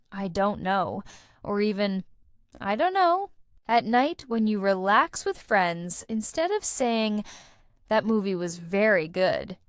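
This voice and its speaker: A woman delivers a scripted English lesson in a slow, deliberate teaching manner. Her voice sits a little high and moves through a wide, animated melody. The sound is dry and close. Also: no echo.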